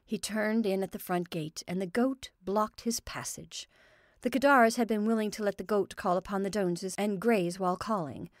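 A woman reading a classic short story aloud in measured, even narration. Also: mid-range voice, no echo, studio quality.

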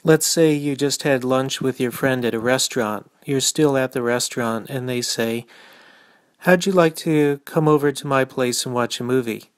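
A man who teaches English explaining intonation in a calm, measured way and acting out short dialogues. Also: mid-range voice, clear, resonant tone, no echo, studio quality.

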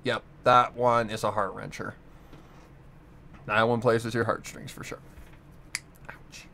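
A man's voice: fairly low pitch, little pitch movement, measured pace, gravelly, pushed and bright, slight background noise. Rambling man chatting from his room. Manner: meandering, self-correcting, chuckling often. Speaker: fan audiobook reader and voice actor. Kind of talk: rambling casual chat on camera. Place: home room with guitars and a keyboard.

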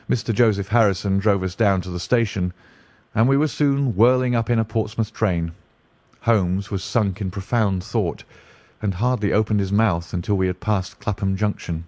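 A man reads a classic story aloud in a steady, measured way. His voice sits a little low, and the recording is dry and close. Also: no room sound. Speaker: narrator. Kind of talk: scripted story narration.

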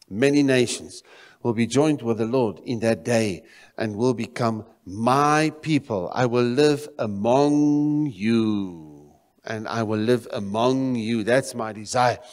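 Pastor from South Africa, mid-pitched male voice, preaching with sudden loud rises and hushed drops, long church reverb. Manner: preaching with swings between loud exclamations and quiet emphasis. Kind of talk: sermon. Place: church sanctuary.

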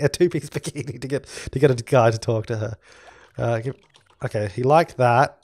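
A man's voice: medium pitch, moderate pace, a little mellow, no echo. A man hosting a let's play, chatting casually and giving orders to the characters on screen as he plays. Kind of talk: casual gameplay commentary.

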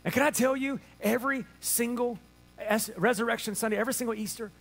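A man preaching an Easter sermon to a church congregation, animated and playful, acting out little voices for laughs. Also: very high-pitched, quick pace, vocal fry. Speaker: pastor. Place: church sanctuary before a congregation.

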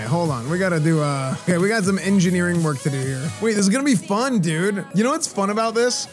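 A man streaming a game live, chatting excitedly with his viewers as he plays. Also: high-pitched. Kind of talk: live gameplay commentary.

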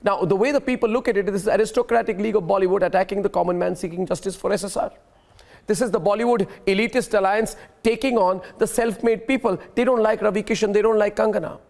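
A male TV news anchor, moderating a heated debate in a forceful, combative way and often repeating himself. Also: high voice, quick pace, creaky.

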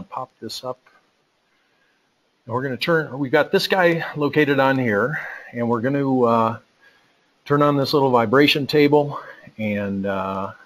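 A man with a medium-pitched, slightly bright voice presents a technical webinar over poor audio, casually walking through a live demo. He thinks aloud with lots of fillers and restarts, and he sounds out of breath.

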